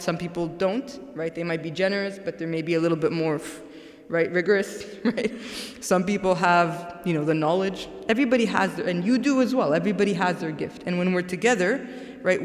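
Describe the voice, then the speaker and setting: A woman giving a religious talk to a congregation, conversational, often checking in with "right?". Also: lowish voice. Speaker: guest speaker. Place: large mosque hall. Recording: echoey hall with long reverb.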